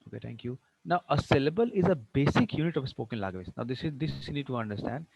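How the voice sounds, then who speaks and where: A man teaching English with an Indian accent in an online lecture, explaining slowly and repeating words. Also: mid-range voice, expressive, vocal fry, a little mellow, breathy edge, no room sound. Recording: dull muffled online-class audio.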